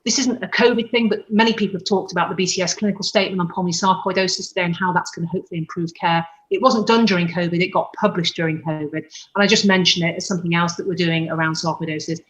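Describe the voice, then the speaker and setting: A woman's voice: on the low side, steady tone, fast talker, muffled recording. A woman doctor giving an earnest conference presentation over a video call, correcting herself now and then. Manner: earnest, explanatory, with self-corrections.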